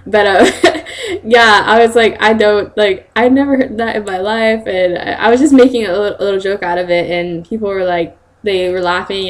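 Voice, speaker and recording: A young woman telling a funny story in a casual vlog, animated and giggly, acting out quotes in bursts of laughter. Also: medium pitch. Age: young adult. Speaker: vlogger, student studying abroad in Japan.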